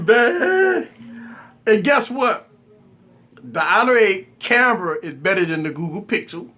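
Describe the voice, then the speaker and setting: A man's voice: high voice, slow pace, a little hiss or hum. A man hosting a tech channel live stream in casual, playful chat, laughing often as he talks. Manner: giggly, laughs often while talking; loose, playful and excitable.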